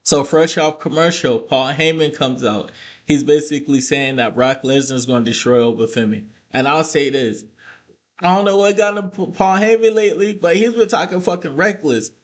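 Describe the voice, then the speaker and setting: A man's voice: fairly high pitch, moderate pace. A man recapping a wrestling show in a casual vlog, cursing freely and breaking into heated rants. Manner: profane, ranting, animated asides.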